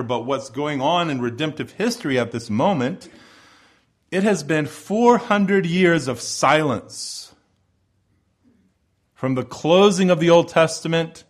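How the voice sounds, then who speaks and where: A male pastor preaching a sermon in a church, stressing key words by repeating them slowly and deliberately. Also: medium pitch.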